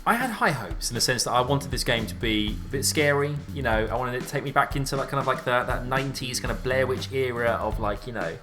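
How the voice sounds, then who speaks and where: A man giving let's play commentary on a game, excitable and jumpy, thinking aloud in casual slang. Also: mid-range voice, fast talker, few pauses, music in the background. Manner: casual slangy talk, says mate and dude. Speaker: gaming YouTuber.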